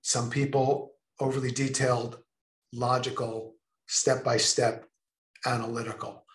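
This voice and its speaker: A man presenting a creativity session in a lecture style, speaking expressively with emphatic, drawn-out pauses. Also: mid-range voice, flat delivery, echoey room. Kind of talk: lecture-style talk to a remote audience.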